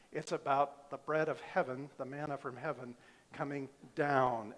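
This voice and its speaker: A man's voice: medium pitch, a bit bright. A middle-aged male pastor preaching a sermon, emphatic, asking the congregation rhetorical questions.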